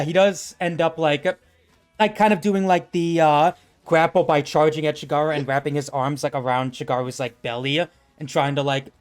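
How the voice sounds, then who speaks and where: High-voiced man narrating a tabletop game. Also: smooth. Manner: rambling, filler-heavy narration with bursts of laughter. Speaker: game master.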